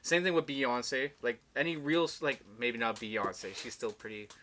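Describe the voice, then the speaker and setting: A man's voice: medium pitch, lively intonation, moderate pace, bright, forceful tone, slight background noise. A man guesting on a podcast as a musician, talking casually and candidly, swearing and laughing easily. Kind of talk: casual conversation.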